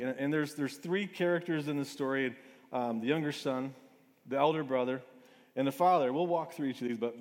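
A man preaching a sermon in a relaxed, conversational way, often restarting his phrases. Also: medium pitch. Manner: conversational, with frequent restarts and asides. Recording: reverberant hall.

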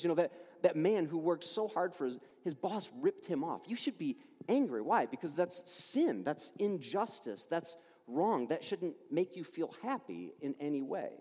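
A male pastor preaches with a lively, swinging delivery, his pitch rising and falling as he drives each point home. His voice sits a little higher than most men's. It rings out with a long reverb, as if filling a church sanctuary. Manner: animated, emphatic preaching with quick asides and repeated restarts. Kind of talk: sermon. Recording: long reverb of a large hall.

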